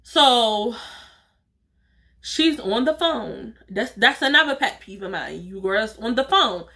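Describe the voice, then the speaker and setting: A woman vlogger telling a story in a casual, animated way, full of slang and emphatic asides. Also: on the high side, slow pace, gravelly. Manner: acts out other people's lines in her own voice.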